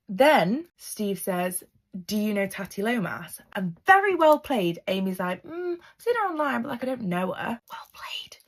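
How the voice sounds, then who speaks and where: A woman in her twenties tells a personal storytime in a chatty, gossipy way, stressing her points with emphasis. Her voice sits at an ordinary middle pitch. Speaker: content creator. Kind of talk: casual storytime narration.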